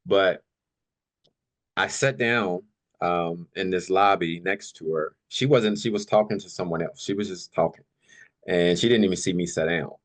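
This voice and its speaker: A man, a podcast guest, telling stories in a casual, animated way, often filling in with "you know" and "like", and laughing easily. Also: deep voice, moderate pace. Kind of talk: casual storytelling chat.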